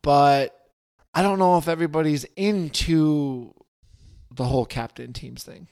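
A man's voice: fairly high pitch, unhurried, a little mellow, clear, resonant tone. A man co-hosting a casual sports podcast, dry and blunt in his remarks. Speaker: podcast co-host.

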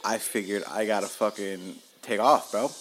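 A man with a lowish voice talks at a normal speed, hosting his own podcast from home. He tells stories in a casual, animated way, swears a lot, and laughs at himself.

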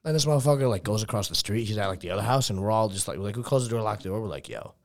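Speaking in a fairly low voice with lively intonation, a young man with a Texan accent rattles off a quick, meandering tale. It comes in casual conversation, packed with profanity and filler words.

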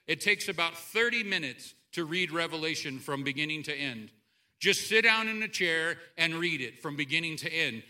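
A man preaching a sermon to a church congregation, animated, swinging between loud outbursts and quiet asides. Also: high-pitched. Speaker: pastor. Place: church sanctuary.

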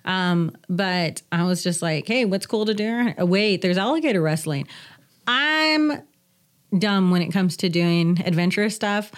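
Chatty woman telling animated stories. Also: lowish voice, unhurried, smooth. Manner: animated, chatty, laughs often. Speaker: podcast guest, hat business owner. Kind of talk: casual interview storytelling.

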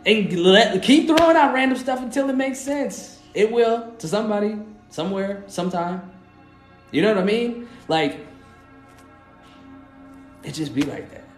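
A man's voice: sits high, lively intonation, unhurried, long pauses. A man hosting a live stream, talking in a loose, rambling and earnest way, encouraging his listeners. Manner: loose, rambling, often asks "you know what I mean". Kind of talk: casual live-stream talk. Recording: roomy echo, faint music.

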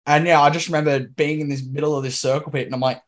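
A man chatting as a podcast guest, his voice somewhat high. He laughs often and trips over the starts of his sentences. His talk comes in quick, loose bursts. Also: steady tone. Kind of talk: casual podcast chat.

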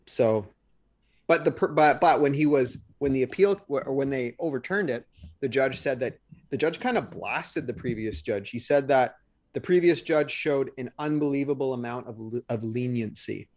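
A man's voice: mid-range voice, moderate pace, darkish tone. A man in casual chat, rambling with restarts as he retells events. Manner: rambling, restarts, retells trial scenes with quoted lines.

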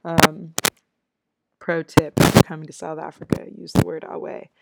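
A woman's voice: sits low, level tone, moderate pace, vocal fry, heavy background noise. A young American woman hosting her own show, chatting casually and upbeat with frequent laughs. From United States. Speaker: podcast host. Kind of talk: casual solo chat.

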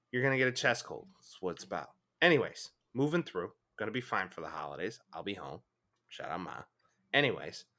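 Brief: young male sports podcast co-host, bright tone, emphatic and profane, getting over a chest cold. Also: on the low side. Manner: animated, swearing, emphatic. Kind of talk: casual sports chat.

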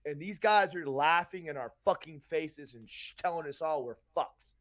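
A man from Tampa, Florida, with a higher-than-average, slightly bright voice rants at normal speed as a podcast co-host. He's angry and emphatic, swearing heavily throughout this heated rant.

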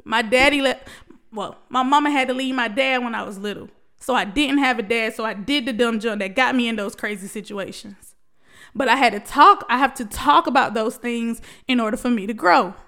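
A woman's voice: fairly high pitch, moderate pace, a bit bright. A woman giving an emotional, preachy motivational talk to her viewers, calling them baby and y'all as she urges them to open up. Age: adult, past college. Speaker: vlogger. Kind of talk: heartfelt motivational talk to camera.

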